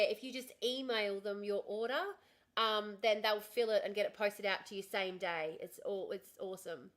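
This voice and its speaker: A young woman talks to her livestream viewers in a chatty, frank way, with a voice that sits a touch higher than most. She swears casually and speaks close to a desk streaming mic at home. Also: fairly bright tone. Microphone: desk streaming microphone.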